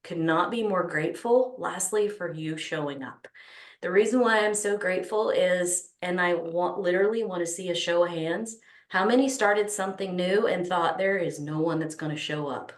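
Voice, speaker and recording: A Texas-accented woman opens an online business summit as its host, speaking with enthusiasm but plenty of ums and false starts. She talks at a moderate pace in a lowish voice, in an echoey room.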